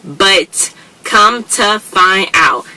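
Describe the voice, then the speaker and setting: A chatty woman walks through a TV episode like she's catching a friend up, trading between her own narration and quick quoted lines. Her voice is bright and forward, with a mid-range pitch. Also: poor audio. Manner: chatty, quotes characters in a lively retelling. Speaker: YouTube show recapper. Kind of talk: casual TV episode recap.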